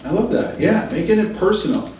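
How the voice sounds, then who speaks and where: A man's voice: high-pitched, fairly quick, mellow, a little hiss or hum. Man coaching a training group. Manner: coaching, asks the group questions. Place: training room. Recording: echoey room from far off.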